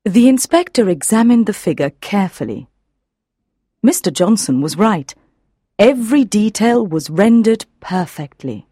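A woman narrating an audiobook in a measured, even reading. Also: medium pitch, breathy edge, no room sound, studio quality.

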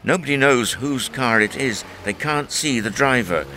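A man reading a story aloud as narrator in a clear, measured way. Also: mid-range voice, sharp tone, slight background noise. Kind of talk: scripted audiobook narration.

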